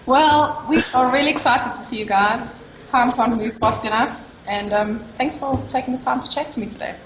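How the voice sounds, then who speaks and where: South African woman interviewer, fairly high voice, echoey line with clear noise. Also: moderate pace. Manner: playful, teasing. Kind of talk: casual interview.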